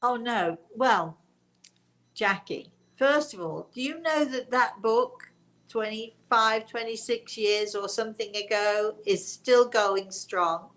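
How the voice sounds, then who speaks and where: A woman's voice: a little high, slow, a bit bright. An older woman, a spiritual medium, talking in a rambling, chatty way to a live audience, often correcting herself and laughing. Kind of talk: casual live-stream chat.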